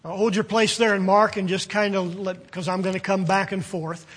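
A man preaching a sermon, reading King James scripture and explaining it with slow, deliberate phrasing. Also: sits high, level tone, fairly bright tone, slightly rough. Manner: slow, deliberate delivery with long pauses between phrases. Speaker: pastor.

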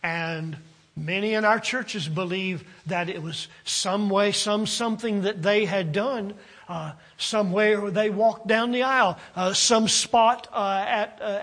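Speaking at an unhurried, measured pace, this male preacher lets his fairly high voice climb for emphasis and fade softly at the close of each phrase. His delivery is halting, full of uh's and restarts as he thinks his way through the sermon.

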